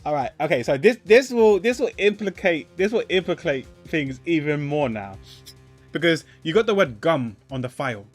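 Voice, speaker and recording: A man giving casual, rambling commentary while playing a game, full of fillers and restarts that trail off quietly. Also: a little high, expressive, moderate pace, soft background music. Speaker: gamer.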